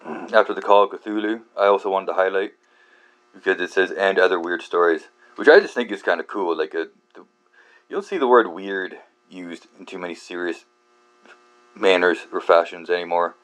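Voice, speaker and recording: A man talks in a rambling casual monologue with a very deep, low voice, tripping over fillers and restarting his sentences. He swears freely and pokes fun at himself. A steady mains hum sits beneath the recording. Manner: halting, many fillers and restarts, frequent swearing; self-deprecating, laughs at himself. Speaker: book channel host.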